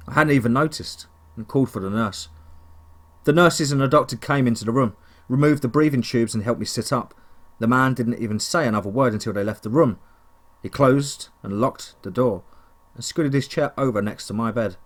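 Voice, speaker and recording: A man's voice: medium pitch, moderate pace. A man narrating a first-person horror story in a dramatic, tense storytelling manner.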